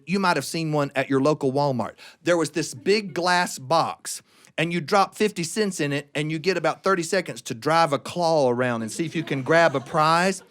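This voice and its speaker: A man with a Southern US accent telling a tall tale on stage, folksy and animated, landing punchlines deadpan. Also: fairly high pitch, moderate pace. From South Carolina. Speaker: storyteller.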